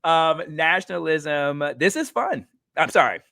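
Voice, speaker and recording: A man's voice: on the high side, lively intonation, measured pace, creaky, sharp tone, no echo, studio quality. A man hosting a talk show, explaining terms in a casual, chatty way with many fillers and self-corrections. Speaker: host.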